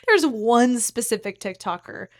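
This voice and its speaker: A woman hosting a podcast in casual chat with a friend in an apartment, animated in bursts and then trailing off softly. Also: a little high, takes it slowly, no echo, studio quality. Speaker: podcast host.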